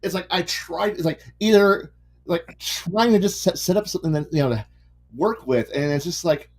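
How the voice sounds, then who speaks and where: A man's voice: sits high, normal speed. A man chatting casually while painting miniatures, ranting and swearing as he goes. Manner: ranting, profane, restarts sentences. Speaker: hobby miniature painter hosting a stream.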